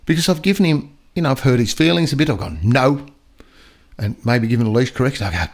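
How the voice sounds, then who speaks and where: An older man, chatting casually as a podcast guest, acting out dogs and people in quick little voices. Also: medium pitch, animated, gravelly. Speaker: podcast guest storyteller and dog trainer. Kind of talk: casual chat.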